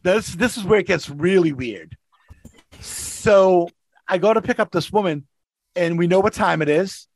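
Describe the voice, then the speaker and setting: A man's voice: high-pitched, a little slow, dry recording. A man, a regular on a podcast, telling rideshare stories in casual chat and acting out the people in them. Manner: animated, acts out voices in his anecdotes. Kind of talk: casual storytelling.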